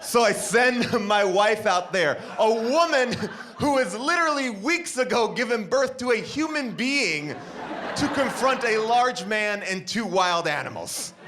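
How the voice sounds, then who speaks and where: A man's voice: high-pitched, sharp tone, slight background noise. A man doing stand-up storytelling on a stage mic, acting out every character in his story. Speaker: stand-up comedian.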